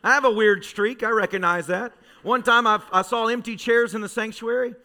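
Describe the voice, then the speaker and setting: Pastor guy preaching in church, really high voice, fired up, gets quiet then yells. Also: fairly quick. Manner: fervent, storytelling preacher who swings from soft to shouting. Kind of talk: sermon. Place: church sanctuary.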